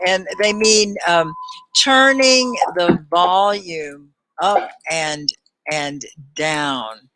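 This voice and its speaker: A woman teacher leads a live online English lesson with a bright, forward tone and an unhurried, deliberate pace. She is upbeat and encouraging, and she repeats words clearly for her learners. The sound is close and dry. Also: fairly low pitch, no echo, poor audio. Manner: upbeat, encouraging, laughs often, slow clear repetition. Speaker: ESL teacher and livestream host.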